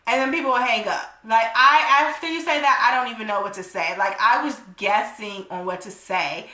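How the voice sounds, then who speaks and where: A woman telling a storytime vlog, animated and emphatic, swearing freely and tagging her points with "okay?". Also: on the high side, moderate pace, reverberant. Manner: animated, emphatic, profane, tagging lines with 'okay?'.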